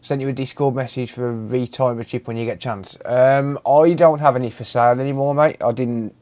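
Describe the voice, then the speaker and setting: A man's voice: mid-range voice, mellow. A man hosting a casual live stream, greeting viewers by name and chatting loosely.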